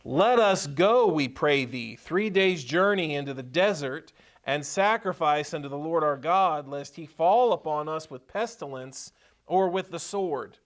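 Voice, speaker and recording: A man with a slightly raised pitch preaching from the pulpit of a church. He leans hard on repeated phrases and reads scripture aloud between his own comments. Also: animated, a little slow. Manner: preaching with emphatic repetition, reading scripture aloud. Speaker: pastor. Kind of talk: sermon. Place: church sanctuary.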